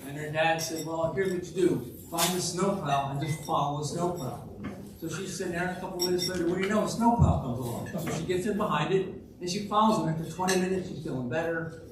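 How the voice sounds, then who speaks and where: A man's voice: a little high, fast talker. A man at a club meeting, telling folksy jokes and stories in a chatty way. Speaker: Rotary club speaker. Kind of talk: joke-telling club talk. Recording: distant, echoey room with background noise.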